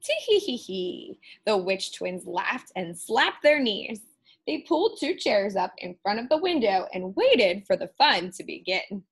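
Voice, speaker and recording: A woman teacher reading a Halloween picture book aloud to children with expressive storytelling. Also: medium pitch, a little slow, breathy edge, rough recording.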